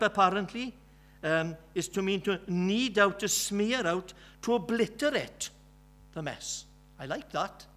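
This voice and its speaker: A Welsh man preaching a sermon, earnest and emphatic, driving each point home by saying it twice. His voice sits a little high for a man. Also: a bit bright. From West Wales. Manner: earnest, emphatic with many repetitions.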